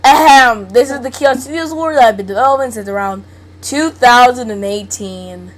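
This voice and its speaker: A woman's voice: a little high, normal speed, low-quality recording. A young woman hosting a casual video, reading a wiki article aloud and reacting to it playfully, often giggling and tripping over her words.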